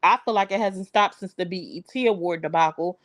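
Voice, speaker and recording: A woman's voice: on the low side, fairly quick, dry recording, studio quality. Chatty woman hosting a live stream. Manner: chatty, loose, talks straight to viewers. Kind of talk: casual live-stream chat.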